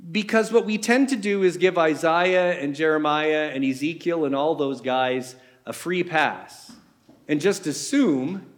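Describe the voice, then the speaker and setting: A man preaching a sermon in a conversational way, asking his listeners many rhetorical questions. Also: fairly high pitch.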